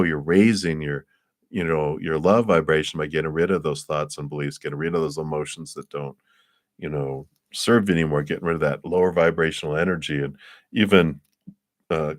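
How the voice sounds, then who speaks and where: A man's voice: extremely low pitch, no room sound, studio quality. A man giving a live tarot reading, speaking in an encouraging, rambling way, often chuckling and restarting his sentences. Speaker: tarot reader.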